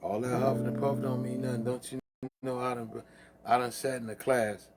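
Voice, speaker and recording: A man's voice: mid-range voice, flat delivery, fairly quick, over loud music. A man hosting a casual late-night monologue, with loose, profane, preachy street talk, laughing at his own jokes. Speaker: livestream host.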